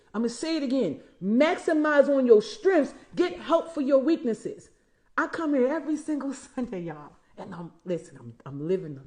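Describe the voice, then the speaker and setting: Emphatic high-voiced woman coach in her forties. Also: a little mellow. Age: 40s. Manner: emphatic, repeats key lines, addresses listeners as y'all and honey. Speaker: empowerment coach. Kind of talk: motivational livestream talk.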